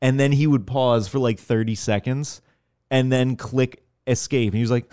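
A man's voice: medium pitch, steady tone, moderate pace, darkish tone, clear, resonant tone. A man on a podcast, telling a story in casual group chat, often laughing. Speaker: podcast co-host.

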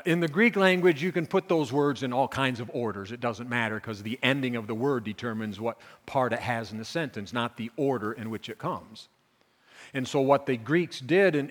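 Emphatic preacher in a reverberant church hall. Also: male voice, medium pitch. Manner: emphatic, repeats key phrases, swings from quiet to loud. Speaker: pastor. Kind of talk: sermon. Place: church sanctuary.

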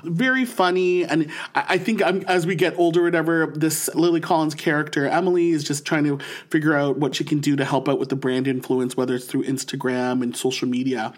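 A man's voice: fairly high pitch, steady tone, fairly quick, hardly any pauses. A man co-hosting a podcast, chatting enthusiastically about shows, acting out quotes in a raised voice. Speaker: podcast co-host. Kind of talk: casual chat, pop culture recommendations.

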